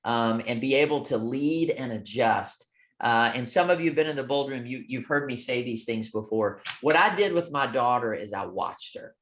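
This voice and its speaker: A man delivers a motivational coaching talk in a mid-range voice. He speaks in a storytelling cadence with a preacher's rhythm. He stresses his points hard, swings between loud and hushed, and checks in with his listeners again and again. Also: mid-range voice. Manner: emphatic, repeats "okay?" and sways between loud and soft. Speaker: real estate coach.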